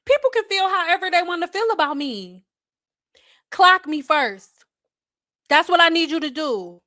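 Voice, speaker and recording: A woman's voice: very high voice, animated, moderate pace, sharp tone, no room sound, studio quality. A woman ranting as a hair care educator, blunt, exasperated and profane in casual livestream talk.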